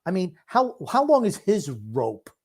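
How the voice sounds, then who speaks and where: Blunt, opinionated man with a higher voice. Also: huge pitch swings, unhurried, gravelly, darkish tone. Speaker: podcast co-host. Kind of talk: casual sports podcast chat.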